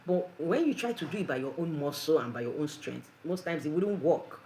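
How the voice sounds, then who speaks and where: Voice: mid-range voice, expressive, a little fast, a little mellow, slight background noise, poor audio. An earnest preacher gives a conversational devotional talk full of rhetorical questions.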